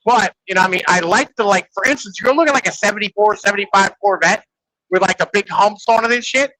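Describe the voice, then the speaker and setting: A man's voice: high-pitched, fast talker, sharp tone, low-quality recording. A man in casual podcast chat, rambling and profane, leaning on "like" and "right?". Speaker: podcast host.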